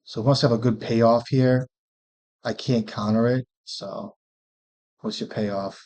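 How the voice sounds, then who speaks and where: A man's voice: mid-range voice, steady tone, a little slow, pauses often, darkish tone. A man streaming a card game, thinking aloud in casual, profane commentary and often muttering to himself.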